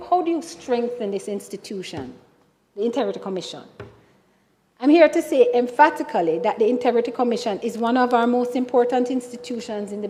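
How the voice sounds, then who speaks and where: Jamaican woman senator, measured and emphatic. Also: on the high side, darkish tone. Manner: measured and emphatic, repeatedly addressing the chair. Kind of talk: formal parliamentary speech. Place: senate chamber. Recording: reverberant chamber sound.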